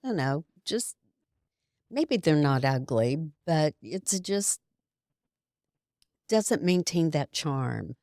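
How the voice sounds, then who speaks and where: Low, slow, mellow woman co-host. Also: sing-song, dry recording, clean studio sound. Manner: agreeable, chimes in with short replies. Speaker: podcast co-host. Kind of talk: casual podcast chat.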